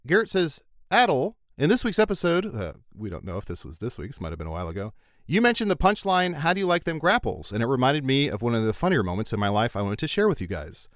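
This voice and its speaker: Animated male podcast co-host. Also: mid-range voice, fast, no echo, clean studio sound. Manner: animated, reads emails aloud with jokey asides. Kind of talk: casual chat, reading listener emails.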